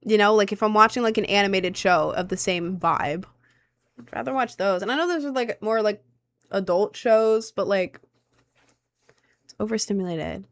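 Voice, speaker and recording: A woman's voice: mid-range voice, normal speed, long pauses, fairly bright tone, dry recording. A woman in her twenties, streaming and chatting with her viewers, rambling and self-conscious with lots of filler words. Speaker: streamer answering chat. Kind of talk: casual chat.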